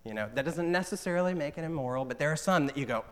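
An earnest man preaching from the pulpit in a mid-pitched voice. He reads scripture slowly and with weight. He explains plainly between readings. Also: fairly bright tone, slight background noise. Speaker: pastor. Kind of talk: sermon.

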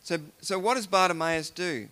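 A man's voice: high voice, moderate pace, sharp tone, clear, resonant tone. A man giving an informal devotional talk, musing aloud and retelling scripture in everyday words. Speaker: preacher.

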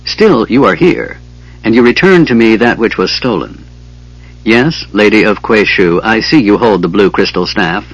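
A man voicing a menacing female dragon who speaks in a smooth, sneering and threatening way, reading a fantasy audiobook. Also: fairly low pitch, lively intonation, moderate pace, muffled recording.

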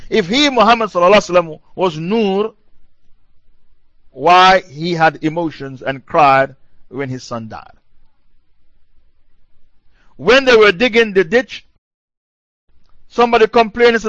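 A man's voice: high-pitched, animated, a little slow, long pauses, a bit bright, dry recording. A male preacher giving a religious lecture in a combative, mocking way, repeating his points for emphasis. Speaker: Islamic preacher. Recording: dull lo-fi dry recording.

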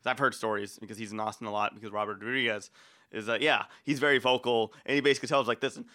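A man's voice: on the low side, fairly even intonation, very fast, bright, forceful tone. A man co-hosting a casual podcast, rambling with lots of restarts and fillers. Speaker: podcast co-host. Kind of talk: casual chat.

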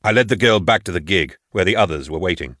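A man narrating an audiobook in a measured, grave storytelling voice. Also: low voice, expressive, a bit bright, no room sound, studio quality. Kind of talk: scripted narration.

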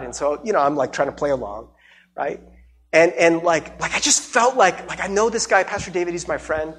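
A man pastor giving a sermon, telling a personal story in an animated way, laughing often and acting out the people he quotes. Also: on the high side, fairly quick.

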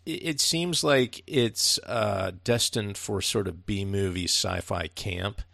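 Deep gravelly man chatting about films. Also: takes it slowly, bright, forceful tone, dry recording, clean studio sound. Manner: laid-back, filler-heavy, laughs often. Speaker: podcast co-host. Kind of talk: casual film review chat.

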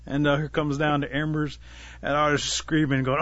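A man telling a traditional animal tale in an unhurried, folksy way, giving the animals light voices of their own. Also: a little high, fairly even intonation, pushed and bright, no echo, dull audio. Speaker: storyteller. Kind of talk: oral storytelling of a traditional tale.

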